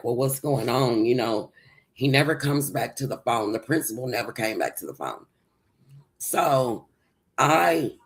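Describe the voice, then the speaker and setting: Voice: medium pitch, low-quality recording. A livestream host telling a personal story, rambling and circling back with many restarts.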